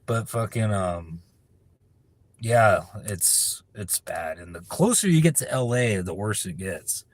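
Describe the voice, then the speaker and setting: Male streamer from California, low husky voice, loose and profane, reads chat aloud and riffs on it. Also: animated, takes it slowly, no room sound. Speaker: livestreamer answering viewer chat. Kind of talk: casual live-stream chat.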